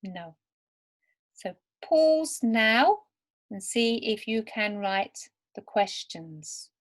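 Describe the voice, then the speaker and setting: A woman teaching English to beginners over slides, speaking slowly and deliberately word by word. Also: on the high side, sing-song. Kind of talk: slow, clear lesson for beginner learners.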